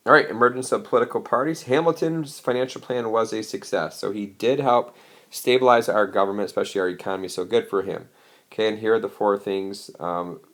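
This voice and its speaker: A man's voice: deep voice, creaky. A man teaching a history lesson in a casual, chatty way, explaining slides with frequent asides. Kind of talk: recorded lecture over slides.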